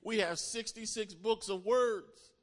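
A pastor preaching a sermon to his congregation, asking them to repeat lines back and building up to loud exclamations. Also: sits high, a little slow. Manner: call-and-response preaching, builds to shouts. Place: church.

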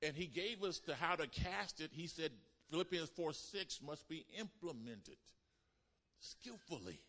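A male pastor preaching a sermon with call-and-response, swinging between loud emphatic lines and hushed, quiet ones. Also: a little high, lively intonation, unhurried. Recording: reverberant hall.

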